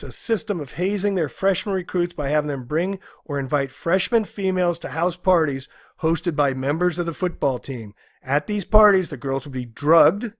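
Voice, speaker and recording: A man giving angry, indignant commentary, ranting with loud emphatic outbursts. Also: fairly high pitch, no echo, clean studio sound. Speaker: video commentator.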